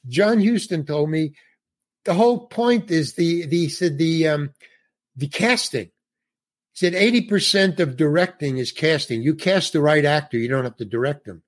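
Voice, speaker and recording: Husky older man spinning a story. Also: fairly high pitch, animated, moderate pace. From New York. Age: 80s. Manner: rambling storyteller who acts out quoted dialogue. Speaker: podcast guest, actor. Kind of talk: casual anecdote telling.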